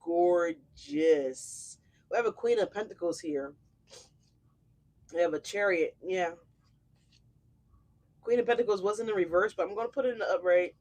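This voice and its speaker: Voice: mid-range voice, normal speed, pauses often, a little mellow. Effusive, slangy tarot reader hosting a live reading. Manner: effusive, slangy and profane, exclamatory. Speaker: tarot reader, channel host.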